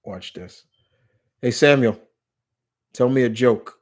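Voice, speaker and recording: A man's voice: mid-range voice, slow, darkish tone. Rambling man hosting a live Q&A. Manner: rambling, with frequent restarts and self-corrections. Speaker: live stream host answering viewer questions. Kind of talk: casual live Q&A chat.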